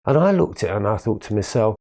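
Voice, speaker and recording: Man, candid reflective monologue, mellow tone, slightly low pitch. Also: big pitch swings, quick pace. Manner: candid, earnest storytelling with casual swearing. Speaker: spiritual speaker.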